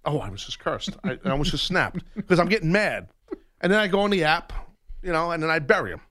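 Animated storytelling man radio host. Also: on the high side, quick pace. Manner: animated storyteller acting out both sides of a confrontation. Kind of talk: radio talk show storytelling.

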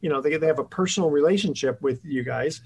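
A man's voice: a little high, fast, gravelly, a little hiss or hum, poor audio. A man hosting a radio interview show, chatty and rambling with lots of fillers.

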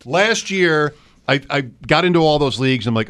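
A man's voice: fairly high pitch, expressive, normal speed, a bit bright. Man talking fantasy football, thinking aloud. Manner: thinks aloud, rattles off names. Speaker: co-host. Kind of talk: casual fantasy football chat.

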